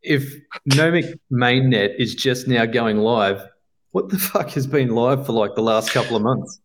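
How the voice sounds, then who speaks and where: A man's voice: medium pitch, lively intonation, a little slow, slight background noise. A man co-hosting a podcast, chatting loosely with a lot of fillers and some swearing. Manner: loose and profane, lots of fillers. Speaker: podcast co-host. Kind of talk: casual chat.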